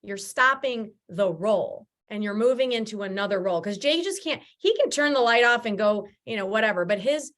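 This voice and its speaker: A woman guest in a conversational interview, telling lively stories and acting out what people said to her. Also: medium pitch, fairly quick, few pauses. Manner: animated storyteller, acts out quoted dialogue. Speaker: guest, realtor and team leader.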